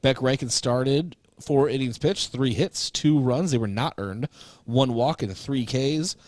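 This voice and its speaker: Relaxed male local sports announcer. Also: mid-range voice, no echo. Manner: relaxed, chatty recap with fillers. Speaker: play-by-play announcer. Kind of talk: local radio sports broadcast.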